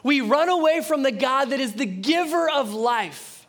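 A high-pitched man delivers a lively sermon from the pulpit. He reads scripture aloud and breaks off to comment, swinging from loud, forceful emphasis to soft, earnest closing appeals. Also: unhurried. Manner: animated, acts out dialogue, swings between loud emphasis and quiet intensity. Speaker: preacher.

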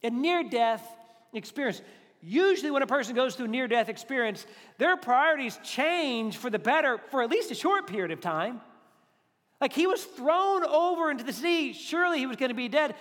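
High-voiced pastor preaching in a big hall. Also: male voice, moderate pace. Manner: conversational, animated preaching with acted-out quotes. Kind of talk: sermon. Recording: reverberant hall.

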